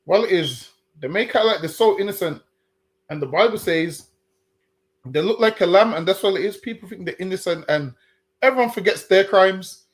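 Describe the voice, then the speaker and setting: A man's voice: high-pitched, expressive, moderate pace. A man, a guest in a casual discussion, who makes his points earnestly and stumbles over restarts as he reasons aloud.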